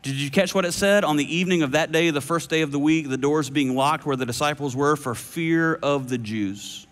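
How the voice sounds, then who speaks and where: A man preaching a sermon, animated and playful with shifting voices. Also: a little high, brisk. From United States. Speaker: pastor. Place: large church hall. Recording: long hall reverb.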